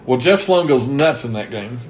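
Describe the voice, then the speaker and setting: A man with a Kentucky accent hosts a relaxed sports history interview. He chats along in a mid-range voice, piling up scores and yardage. A faint hum sits under the talk. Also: medium pitch, normal speed. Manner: chatty, reels off season statistics. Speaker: host interviewing a former coach.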